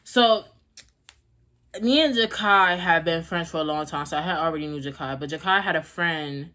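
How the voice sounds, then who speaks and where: A woman's voice: deep voice, normal speed, bright, forceful tone. A young woman vlogging at home, telling a casual story in a rambling, slangy way with laughs.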